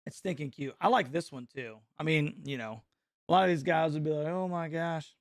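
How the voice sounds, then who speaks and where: A middle-aged man from North Carolina hosting a casual live reaction stream, joking and mocking his chat with excitable banter. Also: fairly high pitch, a little fast, no room sound, studio quality.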